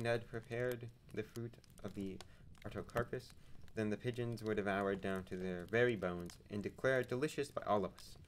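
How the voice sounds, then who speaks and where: A man reading a novel aloud on a live stream, unhurried, with small slips and restarts. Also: lowish voice, a little hiss or hum, poor audio. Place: home streaming setup.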